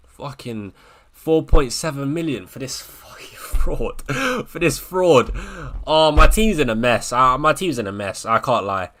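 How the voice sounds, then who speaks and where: A man hosting a live fantasy football watchalong, talking casually, swinging between low mutters and loud frustrated rants, often repeating himself and swearing. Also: expressive, measured pace. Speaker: livestream host.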